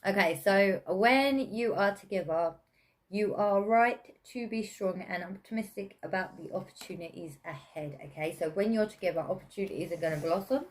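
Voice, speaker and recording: A woman with an English accent gives a casual, chatty tarot reading at a moderate pace in a medium-pitched voice. She uses lots of fillers and laughs often.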